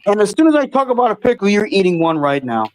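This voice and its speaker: Man, high voice, co-host, rambling, defensive, casual chat. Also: sing-song, fast talker, poor audio. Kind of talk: casual banter.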